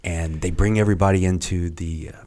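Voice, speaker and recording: A middle-aged man, a retired Navy SEAL guest on a podcast, telling training stories casually, halting and restarting often. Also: sits low, steady tone, warm tone. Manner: halting, with many restarts and acted quotes. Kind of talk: casual storytelling.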